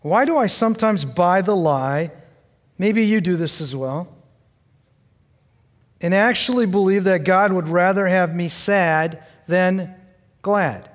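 Slow-speaking older man preaching in a hall. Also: high voice. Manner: storytelling, conversational, speaks to the congregation directly. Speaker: pastor. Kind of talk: sermon with personal story. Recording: long hall reverb.

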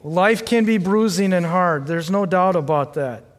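Older male pastor, high voice, slow storytelling delivery, long hall reverb. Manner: storytelling, conversational, speaks to the congregation directly. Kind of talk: sermon with personal story.

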